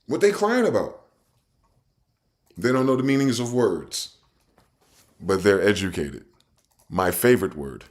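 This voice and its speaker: A man hosting his own show, ranting and swearing while he reads word definitions aloud, swinging between loud outbursts and low muttering. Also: animated, unhurried, long pauses. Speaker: podcast host.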